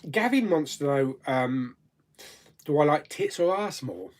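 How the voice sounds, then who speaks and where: Reading viewers' comments out loud on his live chat stream, this chatty host laughs often as he answers their questions. His voice is on the high side, animated and a touch slow.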